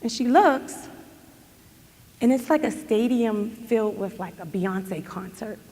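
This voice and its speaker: A woman telling an animated story as a motivational speaker at a company event. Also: mid-range voice, takes it slowly. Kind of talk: storytelling speech. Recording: long hall reverb.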